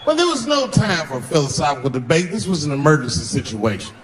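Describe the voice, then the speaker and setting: Profane stand-up comedian, animated storytelling. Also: male voice, quick pace, noisy background. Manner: profane, conversational, swings pitch for emphasis.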